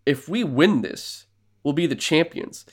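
A man's voice: fairly high pitch, animated, measured pace, breathy edge. Guy doing a blustery tough-guy coach.

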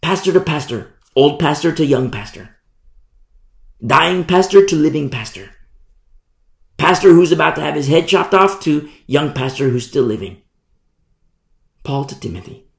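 A man preaching a sermon, animated storytelling that acts out the people in it. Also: on the high side, moderate pace, creaky, long pauses, echoey room. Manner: animated storytelling, acting out voices.

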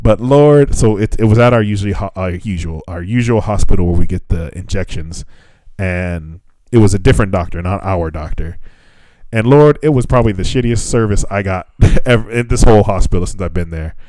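A man's voice: deep voice, expressive, fairly quick, darkish tone, no room sound. A man hosting a podcast, telling a profane, laughing story in casual chat. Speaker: podcast host.

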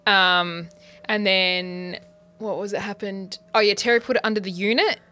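A woman co-hosting a podcast, recapping in a casual, halting way with many fillers. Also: medium pitch, fairly even intonation, bright, forceful tone. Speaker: podcast co-host. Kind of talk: casual chat.

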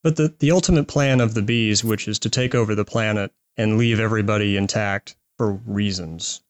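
A man's voice: fairly low pitch, a little fast. Man wryly recapping a movie. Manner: rambling, wry recapping of plots. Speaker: podcast host. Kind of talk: casual chat.

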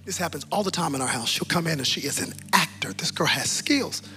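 A man preaching a sermon as pastor, moving between hushed lines and near-shouting. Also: a little high, expressive, fairly quick, faint music behind. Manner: impassioned, swings from hushed to shouting.

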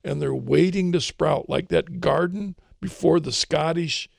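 A man talking through Christian ideas in a relaxed discussion, thoughtful and often repeating words as he searches for phrasing. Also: on the high side, measured pace, creaky, no echo, studio quality. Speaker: author and co-host of a faith discussion. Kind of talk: casual religious discussion.

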